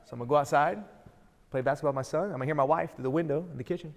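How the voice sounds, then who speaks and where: A middle-aged man giving a motivational keynote speech, energetic and throwing rhetorical questions at the audience. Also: a little high, racing. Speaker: keynote speaker. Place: large event hall. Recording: hall reverb from a live event.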